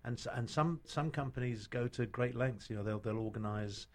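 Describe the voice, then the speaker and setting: A man's voice: mid-range voice, moderate pace. A middle-aged British man, an actor guest, telling stories in casual chat with many restarts and fillers. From Britain.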